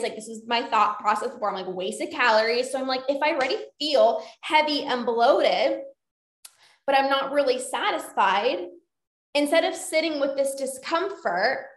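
A woman coaching casually on a podcast, chatty and often checking in with "right?" and "like". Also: high voice. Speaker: binge eating coach and podcast host. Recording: roomy echo.

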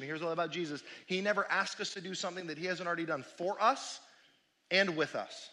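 High, bright-voiced male pastor preaching. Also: fairly quick. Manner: animated preaching, swings between loud exclamations and quiet asides. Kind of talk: sermon.

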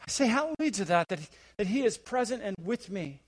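A middle-aged man preaching a sermon with a fairly high voice. He climbs into emphatic, rising questions, then falls to near-whispered, hushed lines. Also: sing-song, fairly quick. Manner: swings between rising, emphatic preaching and hushed, low asides. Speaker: visiting senior pastor.

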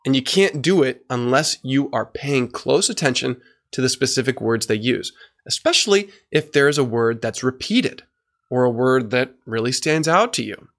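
A man's voice: mid-range voice, expressive, moderate pace. A man hosting an instructional podcast, explaining listening skills and demonstrating changes in his volume and speed. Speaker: podcast host and coach.

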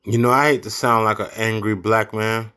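A man's voice: lowish voice, fairly even intonation, normal speed, sharp tone, clear, resonant tone. A man ranting angrily about politics, profane and blunt. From United States. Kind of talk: angry political rant.

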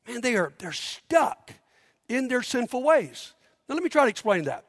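A man's voice: very high voice, sing-song, moderate pace, studio quality. A man preaching a sermon as pastor, emphatic, leading the congregation in call-and-response. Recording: long hall reverb.

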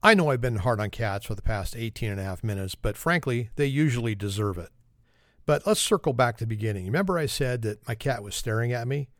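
A man's voice: medium pitch, lively intonation, a little fast, a bit bright, dry recording, clean studio sound. A man hosting a podcast and delivering a humorous monologue in a wry, self-deprecating, conversational manner. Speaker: podcast host.

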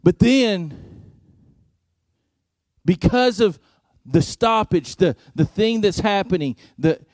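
A male preacher delivering a sermon in an unhurried, measured way, letting each phrase land. His voice sits a touch higher than most men's and swells and drops for emphasis. The sound is dry and close, with no room echo. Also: expressive, darkish tone. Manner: slow, deliberate preaching with dramatic swings in volume.

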